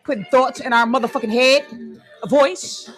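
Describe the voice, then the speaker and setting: A livestream host ranting emphatically, often repeating "excuse me" and "hold on", swinging between loud and hushed and drawing out key phrases into a phone. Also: high-pitched, normal speed, faint music behind. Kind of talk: conspiracy rant on a live stream.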